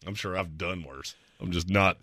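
A man's voice: low-pitched, normal speed, bright, forceful tone, no echo, studio quality. A man co-hosting a sports talk show, joking and emphatic, with sarcastic asides. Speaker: sports radio co-host.

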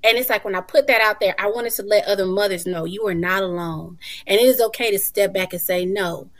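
A woman in her thirties, a mother, talking as a guest in a casual talk show, animated and emphatic with folksy endearments. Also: mid-range voice, quick pace. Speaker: guest, mother and retreat organizer.

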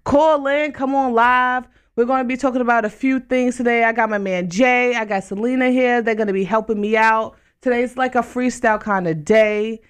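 Loud woman radio host, hyped up, lots of shout-outs, chatting into a studio mic. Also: fairly high pitch, steady tone, normal speed, few pauses, clean tone. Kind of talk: casual live radio chat. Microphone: studio mic with headphones.

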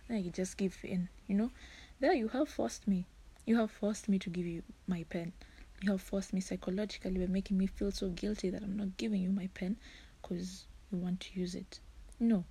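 Young woman on a podcast, frank and earnest, kinda dark husky voice. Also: mid-range voice, fairly even intonation, normal speed. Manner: earnest, frank, laughs often. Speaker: podcast guest. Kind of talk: casual podcast talk.

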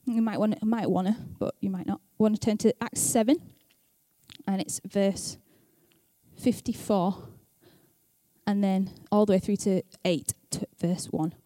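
A woman's voice: mid-range voice, fairly even intonation, a little slow, mellow, no room sound. A young woman speaking at church in a chatty, self-deprecating way, laughing often, then reading scripture aloud. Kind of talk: casual talk and scripture reading.

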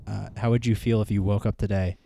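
A man's voice: lowish voice, fairly even intonation, quick pace, vocal fry, mellow. A man in his twenties hosting a casual podcast chat, laid-back and reminiscing, often saying "dude" and "oh my gosh". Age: 20s. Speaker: podcast host.

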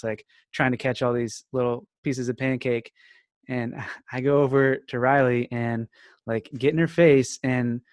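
A man in his thirties hosting a casual podcast chat, telling stories in a relaxed way with frequent fillers. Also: medium pitch, no room sound, clean studio sound. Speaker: podcast host.

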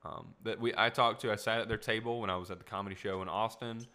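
Bright-toned rambling young man. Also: on the low side, steady tone, fast talker. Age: 20s. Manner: rambling, self-correcting, upbeat. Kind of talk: casual storytelling monologue.

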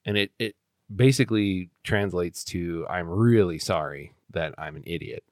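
A man's voice: low voice, normal speed, dry recording, studio quality. A man co-hosting a casual podcast, joking and laughing often as he explains things.

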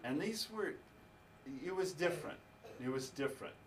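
A man preaching in an animated, storytelling manner, his voice a little high for a man. He sounds set back from the microphone, with a faint hiss behind him. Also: moderate pace, recorded from a distance, rough recording. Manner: animated storytelling with laughter and acted quotes. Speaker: pastor. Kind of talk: sermon storytelling.

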